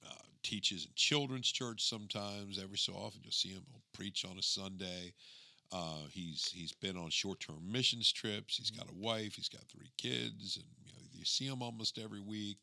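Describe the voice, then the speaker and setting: Male co-host, low-pitched and sharp-edged, emphatic storyteller, dry close mic. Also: gravelly, no room sound. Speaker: podcast co-host. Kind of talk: casual chat.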